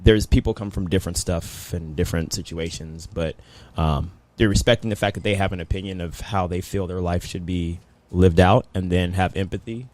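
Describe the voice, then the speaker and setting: A man's voice: low voice, steady tone, brisk, few pauses, darkish tone. A man talking casually as a podcast guest, a coach and referee, laid-back and teasing, laughing easily. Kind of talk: casual chat. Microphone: podcast microphone.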